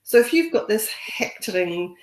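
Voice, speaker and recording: A woman's voice: medium pitch, big pitch swings, normal speed, echoey room. A woman giving a conversational training webinar, encouraging and full of "you know" fillers. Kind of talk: webinar talk.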